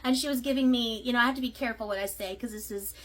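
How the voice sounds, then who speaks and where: High bright-voiced woman telling a story. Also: rapid-fire. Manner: chatty, with many fillers and asides. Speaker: process server. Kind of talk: casual storytime.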